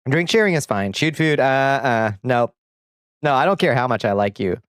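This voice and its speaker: A man's voice: mid-range voice, animated, normal speed, fairly bright tone, clean tone, dry recording, studio quality. Laughing, profane male streamer. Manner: reads chat aloud and banters, laughing often; blunt, profane joking. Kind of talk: casual livestream chat.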